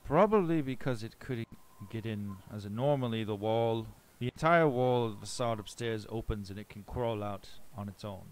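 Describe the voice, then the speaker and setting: A man running a tabletop game, narrating scenes in a measured descriptive way with occasional fillers. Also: lowish voice, low-quality recording. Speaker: game master.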